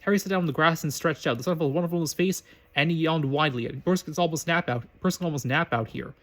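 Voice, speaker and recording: A man's voice: a little high, rapid-fire, a bit bright. A man reading a story aloud, often stumbling and correcting himself. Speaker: reader. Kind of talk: reading fan fiction aloud.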